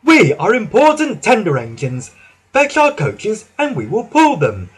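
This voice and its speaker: A man's voice: sits high, wildly swooping pitch, measured pace, slightly rough, voice pushed up, full character voice. A man voicing a proud, sulky big engine in a children's storybook, haughty and huffy.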